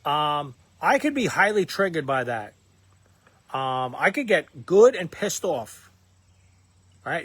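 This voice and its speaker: A husky man in his thirties tells a story from his own life as a dad, speaking casually and loosely. His voice sits a little high for a man. He stops and restarts often and fills gaps with "um" and "you know," and he slips into the voices of the people in the story as he goes. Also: big pitch swings, slow, long pauses, fairly bright tone, dry recording. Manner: rambling, many fillers and restarts, acts out quoted lines. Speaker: parenting content creator.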